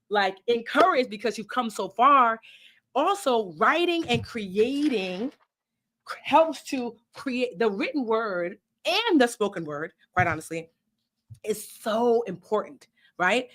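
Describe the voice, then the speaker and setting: A woman hosting a live online workshop as a life coach, animated and emphatic, with preachy repetition. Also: a little high.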